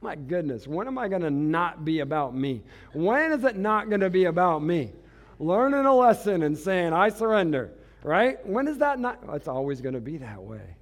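A man's voice: on the high side, very animated, normal speed. A man giving a storytelling sermon as a pastor, chatty and self-mocking, laughing at himself.

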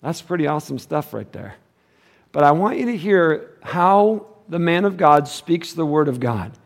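A man's voice: sing-song, normal speed, creaky. Casual, emphatic male pastor preaching. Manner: casual and conversational, with slang like "dude" and "props"; swings between loud, emphatic stretches and quiet, low passages. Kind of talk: sermon.

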